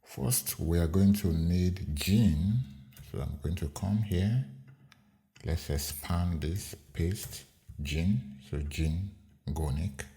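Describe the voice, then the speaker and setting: A man hosting a screen-recorded coding tutorial, explaining each step in an unhurried way with fillers. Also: deep voice, dark tone. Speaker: programming tutorial host.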